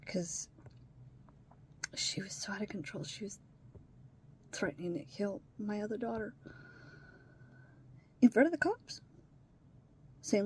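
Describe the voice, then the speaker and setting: A woman talking in a confessional vlog as a stepmother, emotional, swinging between hushed whispers and raised, strained outbursts. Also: medium pitch, animated, takes it slowly, pauses often, a little hiss or hum.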